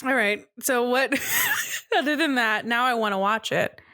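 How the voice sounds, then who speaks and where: A woman's voice: fairly high pitch, unhurried, sharp tone, dry recording, clean studio sound. A young woman co-hosting a podcast, telling a story in a casual chat with her brother and laughing often as she talks. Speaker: podcast co-host.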